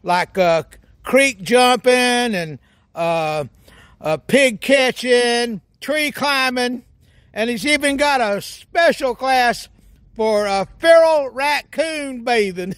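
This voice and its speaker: A man's voice: extremely high pitch, lively intonation, slow, fairly bright tone, no echo, clean studio sound. A man putting on a goofy rural hillbilly character for a comedy monologue, folksy and whooping. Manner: folksy drawl with hoots and cackles. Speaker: comedy sketch character host.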